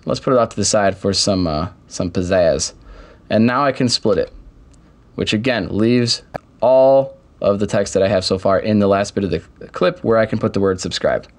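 A young man casually walking through software steps in a screen-recorded tutorial, with keyboard typing behind him. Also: on the low side, normal speed. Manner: step-by-step, casual explaining. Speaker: tutorial host.

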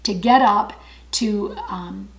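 A woman's voice: mid-range voice, takes it slowly, gravelly, poor audio. Earnest woman teaching a Bible study. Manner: earnest, emphatic, repeats key phrases. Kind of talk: encouraging Bible study talk to camera.

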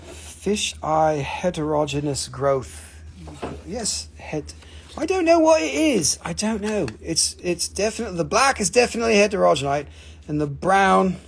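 A man hosting a live mineral sale, excitable and joking with viewers, often swearing. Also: fairly high pitch, measured pace, breathy edge. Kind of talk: excited live-stream sales patter.

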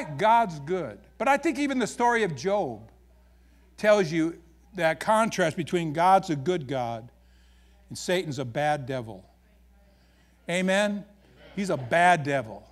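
A man with an Upper Midwest American accent preaching a sermon as pastor, folksy and joking as he tells stories. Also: a little high. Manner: folksy, joking, animated storytelling.

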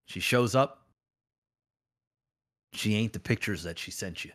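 A man's voice: fairly low pitch, unhurried, long pauses, fairly bright tone. A man hosting a podcast, telling a long comic analogy in casual chat, rambling and full of restarts. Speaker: podcast host. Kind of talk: comedic storytelling in casual chat.

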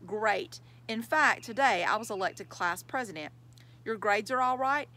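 A woman's voice: mid-range voice, animated, unhurried, bright, forceful tone. A woman reading aloud, voicing a defiant young schoolboy who whines and insists. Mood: fibbing. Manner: whiny, insistent outbursts.

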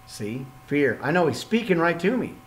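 A man leading an informal Bible study podcast, reading scripture aloud and breaking off into excitable, jokey asides. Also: on the high side, moderate pace, rough recording. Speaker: podcast preacher.

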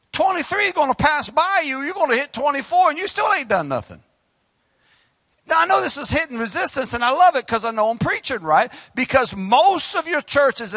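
A pastor preaching with fire, his voice high and bright and leaping all over its range. He swings from shouted exhortation to quick, quieter asides, heard close and dry with no room echo. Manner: fiery, exhorting, rapid shifts between shouting and quiet asides. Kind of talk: sermon.

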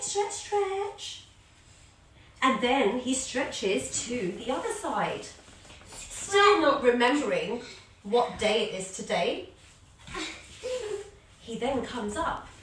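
A woman's voice: high voice, recorded from a distance, slight background noise. A woman teaching a children's yoga class, telling a story as she guides the poses, playful and sing-song with animal sounds. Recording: echoey room, voice a little off-mic.

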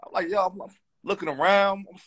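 A man's voice: high voice, steady tone, fairly quick, fairly bright tone. A man as a guest in a casual chat, reminiscing in a laid-back, slangy way.

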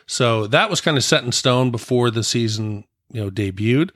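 A man in a casual podcast chat with a middle-pitched voice. He rambles along in a relaxed way with easy fillers, recorded close and dry. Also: normal speed, dry recording. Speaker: podcast co-host.

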